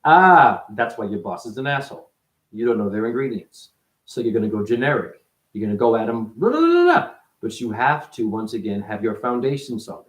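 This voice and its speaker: A man giving a rambling, profane spiritual monologue as a self-styled teacher, his voice jumping up and down in pitch. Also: brisk, a bit bright. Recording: echoey room.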